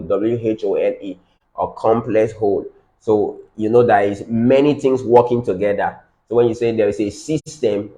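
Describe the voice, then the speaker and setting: Male business trainer on a live stream, lowish voice, hammers points home by repeating them. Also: mellow. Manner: repetitive, emphatic, repeats key phrases. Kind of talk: live-streamed teaching session.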